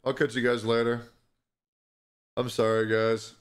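A young man streaming live, distressed and stressed, talking in halting, repeated words with apologies and heavy swearing. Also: mid-range voice, flat delivery.

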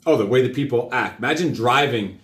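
A middle-aged man hosting a live talk show, lecturing his child in a fast, rambling way full of questions. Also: mid-range voice. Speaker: host. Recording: roomy echo.

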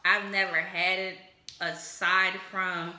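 Bright-voiced, rambling comedic woman host. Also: lowish voice, flat delivery, takes it slowly. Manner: exuberant, rambling, whooping. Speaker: comedy cocktail show host. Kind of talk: casual comedic chat while mixing drinks. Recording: echoey room.

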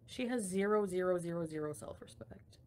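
With a fairly low, darkish voice and a slightly fast pace, a young woman runs a casual livestream. She reads chat comments, ranting, swearing often and laughing frequently.

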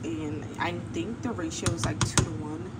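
A woman's voice: deep voice, steady tone, unhurried. A young woman, chatting casually in a home vlog and venting candidly about a rude caller. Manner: candid, slangy, venting with heated retelling. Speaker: vlogger working from home. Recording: home recording with clear background noise.

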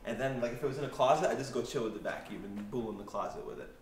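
Loud jokey young man in echoey room. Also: mid-range voice, racing, a little hiss or hum. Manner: loud, jokey, laughs often. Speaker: roommate. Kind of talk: casual banter. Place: shared house, indoors.

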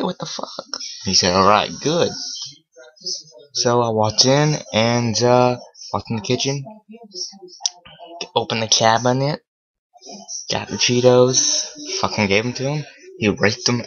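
A man drawls through a casual storytelling vlog, heavy on curse words and filler sounds. His pace is unhurried and loose, and the recording sounds dull and lo-fi. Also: on the low side, a bit bright. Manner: heavily profane, rambling with many fillers. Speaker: vlogger.

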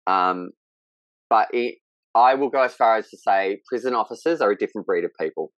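A man, speaking as a podcast guest in candid conversation, halting and emotional with frequent restarts. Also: lowish voice, dry recording.

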